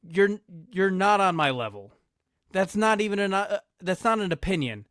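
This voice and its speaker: A man's voice: high-pitched, lively intonation, normal speed, fairly bright tone, no room sound, clean studio sound, pitched above the performer's own voice. A man voicing a proud, indignant male wrestler who boasts emphatically. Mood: boastful.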